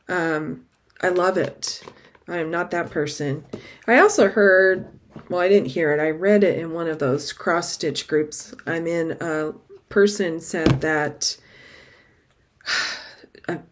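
A middle-aged woman chatting casually to camera about her stitching, excitable and gushing, with sudden high exclamations. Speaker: cross-stitch vlogger.

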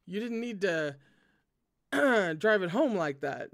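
A man's voice: sits high, very animated, slow, long pauses. A man reading a novel aloud and breaking off for chatty, swearing commentary. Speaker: book reader.

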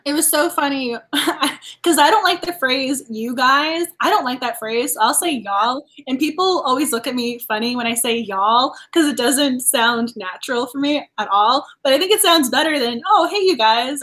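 A woman's voice: high-pitched, normal speed, fairly bright tone. A woman from Massachusetts co-hosting a book club live stream, chatting casually and laughing often as she talks. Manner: bubbly, laughs often while talking.

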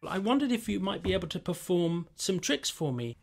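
A male interviewer asks his guest curious, polite questions. His voice has a slight gravelly edge, and music can be heard clearly behind him. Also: high-pitched, very animated, a little fast.

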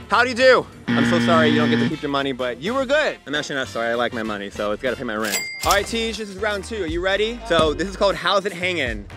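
A man hosts a street game show out on a boardwalk, his voice high and bouncing all over the place. He teases and banters in a playful, sassy way. Music plays underneath. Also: sing-song, fast, few pauses. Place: outdoors on a busy boardwalk.

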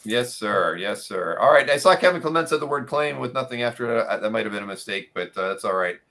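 A male host with a bright, forceful voice at a middle pitch. He runs a live sales show at a steady pace, calling out lot numbers and tracking prices. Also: quick pace.

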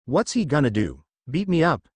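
A man's voice: on the high side, sing-song, moderate pace, a little mellow, breathy edge, dry recording. A man voicing a cold, arrogant teenage ninja boy in a fan story reading, sounding dismissive.

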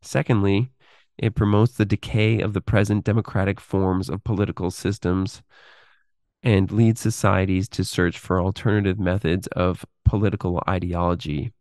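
A man with a very low voice reads a text aloud at a measured pace, then drifts into loose commentary with plenty of ums and uhs. The recording is dry and close, with no room sound. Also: steady tone, a little mellow, no room sound. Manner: deliberate reading, halting with fillers when speaking freely. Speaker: podcast host.

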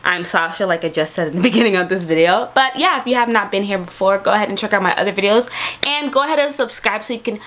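A woman's voice: mid-range voice, fast talker, fairly bright tone. A young woman talking casually through a makeup tutorial, upbeat and chatty with many fillers. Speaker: beauty vlogger.

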